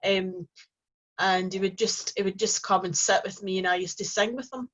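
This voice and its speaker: Brief: female host, gentle rambling storyteller, mid-pitched voice, muffled lo-fi audio. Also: steady tone, moderate pace. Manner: gentle, rambling, with frequent restarts and soft fillers. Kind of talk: casual personal storytelling to camera. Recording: dull lo-fi recording.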